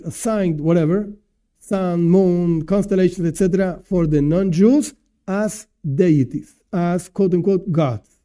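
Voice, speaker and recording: Male Torah teacher, high voice with a mellow, dark tone, casual lecture pacing. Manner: animated, explanatory, asks and answers himself. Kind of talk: informal religious lesson.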